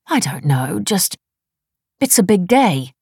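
A woman voicing an exasperated middle-aged wife who questions her husband sharply, with a husky voice. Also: lowish voice, big pitch swings, takes it slowly, darkish tone, dry recording, clean studio sound, voice pushed up, exaggerated voice.

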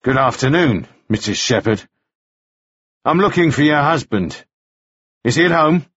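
Man doing a calm, menacing visitor. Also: fairly high pitch, unhurried, slightly rough, no room sound, dull audio, pitched above the performer's own voice, heavily acted. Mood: cool menace.

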